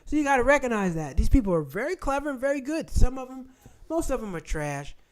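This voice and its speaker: Host, man, blunt and profane, high-pitched and animated. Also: fast. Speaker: channel host. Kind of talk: casual livestream talk.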